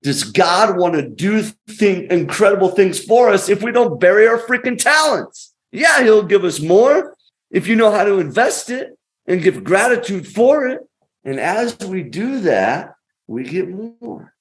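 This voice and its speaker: A man with a fairly high voice tells a story as a podcast guest. He pushes his points hard and fast, with punchy motivational phrasing that swings up and down. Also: big pitch swings. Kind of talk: conversational storytelling.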